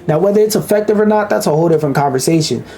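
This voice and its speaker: A man's voice: a little high, animated, very fast, warm tone. Blunt, profane male commentator ranting over a video, with faint music under the voice.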